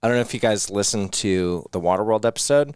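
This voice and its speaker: A man's voice: on the low side, fast, a little mellow, clean tone, dry recording, clean studio sound. A man hosting a movie podcast who chats enthusiastically and keeps saying "dude". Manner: enthusiastic, says "dude" a lot. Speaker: podcast host. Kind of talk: casual chat.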